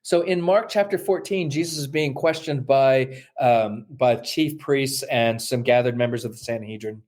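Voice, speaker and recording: A man who teaches New Testament, explaining his research in an interview, thoughtful and halting with many fillers and restarts, acting out quoted voices now and then. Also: mid-range voice, darkish tone. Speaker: New Testament scholar, guest.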